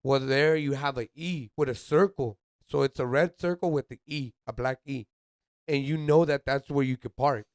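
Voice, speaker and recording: A man's voice: medium pitch, normal speed, no room sound, studio quality. A young man, co-hosting a casual podcast in laid-back, slangy banter that mixes in Spanish words. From United States. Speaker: podcast co-host. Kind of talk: casual chat.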